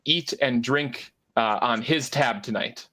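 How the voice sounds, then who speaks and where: A man's voice: medium pitch, slow pace, bright, forceful tone. Hesitant male game master narrating. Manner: hesitant, many fillers and restarts.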